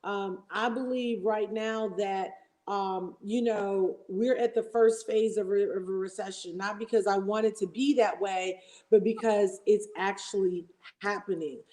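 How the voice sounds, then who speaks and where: A woman's voice: mid-range voice, steady tone, a little slow, mellow, rough recording. A woman guest on a casual livestream, talking enthusiastically and at length in a preacherly way. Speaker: guest co-host.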